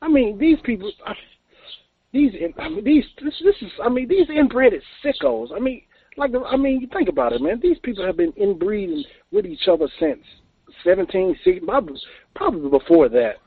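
A man's voice: sits high, sing-song, fairly quick, a little hiss or hum. Angry male caller on a tinny phone line. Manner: angry, rambling, many fillers. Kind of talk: phone-in talk.

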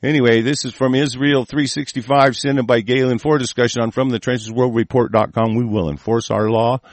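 An American man hosting an online show, delivering a profane, angry political rant that swings from muttering to shouting while sick. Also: medium pitch, fairly even intonation, fairly quick, no room sound. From United States.

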